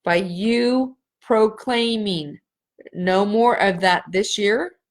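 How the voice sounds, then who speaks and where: A middle-aged woman hosting a live spiritual healing session, speaking slowly and earnestly and repeating phrases for emphasis. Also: mid-range voice. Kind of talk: live energy-healing reading for viewers.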